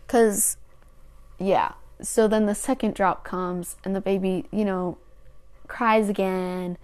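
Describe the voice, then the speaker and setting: A woman's voice: mid-range voice, slow pace, clear, resonant tone. A young woman hosting her own podcast, telling a rambling personal story in a casual, chatty way with lots of restarts. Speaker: podcast host.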